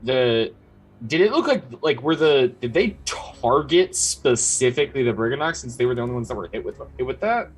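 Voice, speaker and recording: A man's voice: mid-range voice, lively intonation, moderate pace, husky, low-quality recording. A man playing at a tabletop game, asking the game master careful questions. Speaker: player. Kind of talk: casual chat at a game table.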